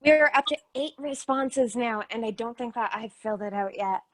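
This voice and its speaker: A woman's voice: fairly high pitch, moderate pace, a bit bright. A woman co-organising a storytime video call, cheerfully explaining the arrangements to everyone. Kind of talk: casual chat on a video call.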